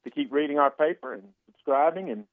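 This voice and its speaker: A man's voice: fairly high pitch, brisk, no echo. Man on a tinny phone line. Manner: relaxed, chatty, repeats words as he talks. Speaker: newspaper sportswriter calling in. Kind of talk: casual sports chat.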